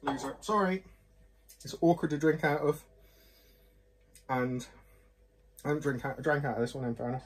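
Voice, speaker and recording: A man's voice: a little high, steady tone, moderate pace, long pauses, husky. A man reviewing whisky glasses in a chatty, rambling, self-deprecating way, often apologising. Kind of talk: casual chat to camera.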